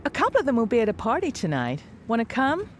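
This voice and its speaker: A woman's voice: a little high, huge pitch swings, fast talker, a little hiss or hum. A woman playing a friendly, flirty local who chats with a stranger. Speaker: bookshop worker met on the street.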